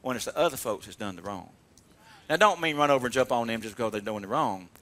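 A male pastor preaching a sermon in animated storytelling with call-and-response, often laughing as he tells stories. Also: medium pitch, fast. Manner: laughs while telling stories.

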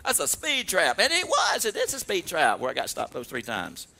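A male pastor preaching a sermon in animated storytelling with call-and-response, often laughing as he tells stories. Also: a little high, moderate pace, vocal fry, some chatter behind. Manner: laughs while telling stories.

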